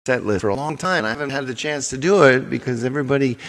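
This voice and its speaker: A man's voice: medium pitch, quick pace, fairly bright tone, in a large hall. A man hosting a live stream, chatting casually with viewers and telling a long, ranting story. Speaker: live stream host and singer.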